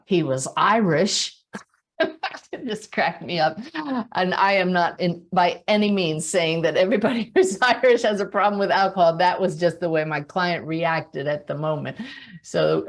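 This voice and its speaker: A woman hosting a webinar as a spiritual medium, telling stories in a chatty, animated way and laughing often at her own anecdotes. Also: fairly low pitch. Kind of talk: monthly webinar talk, storytelling.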